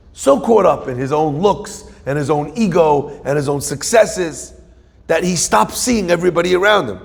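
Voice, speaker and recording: Gravelly man preaching in an echoing hall. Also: high-pitched. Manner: storytelling, emphatic, animated swings between loud and hushed. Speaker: rabbi. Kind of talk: sermon. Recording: long hall reverb.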